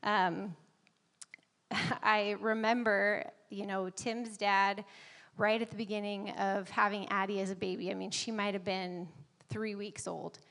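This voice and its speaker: Woman, 30s, church speaker; relaxed anecdotal delivery, frequent laughs and fillers. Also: mid-range voice, measured pace, gravelly, big-room sound. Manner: chatty and conversational, laughs often, many fillers. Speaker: guest speaker at a church service. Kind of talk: personal stories in a church message. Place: church sanctuary.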